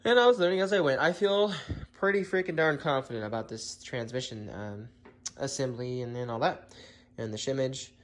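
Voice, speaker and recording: A man giving a casual build-update vlog about his car project, rambling and clearing his throat often. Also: medium pitch, moderate pace.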